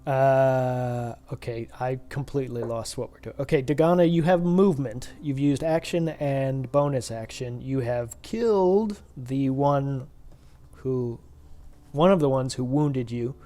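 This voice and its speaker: A man narrating as dungeon master of a tabletop game, halting, with many pauses and fillers. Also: medium pitch, mellow. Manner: halting, full of uhs and ums.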